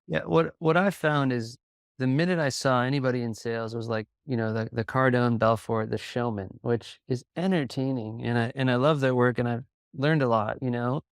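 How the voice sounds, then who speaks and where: A man speaks as a guest on a podcast, telling stories in a calm, unhurried way. His voice has a gravelly, fried texture at a middle pitch. The recording is close and dry. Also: dry recording. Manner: calm, even delivery with quick bursts of storytelling. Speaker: sales coach and podcast guest. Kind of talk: conversational interview.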